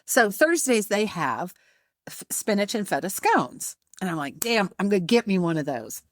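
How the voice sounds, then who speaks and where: A middle-aged woman co-hosting a podcast, telling a story in a casual, animated way, laughing often and acting out the people in it. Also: mid-range voice, moderate pace, no room sound, clean studio sound. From not from Charleston. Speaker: podcast co-host.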